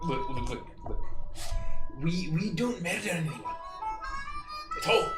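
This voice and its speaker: A woman's voice: mid-range voice, huge pitch swings, a little slow, recorded from a distance. A woman doing a Scottish-accented adventurer. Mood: earnest. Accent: put-on Scottish. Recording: roomy sound with clear music behind.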